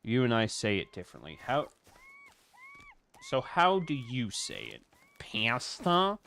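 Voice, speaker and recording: Slow-talking sarcastic gamer guy joking with his buddies, bouncy up and down voice. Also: medium pitch, huge pitch swings, creaky, a bit bright. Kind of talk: casual co-op let's play chat.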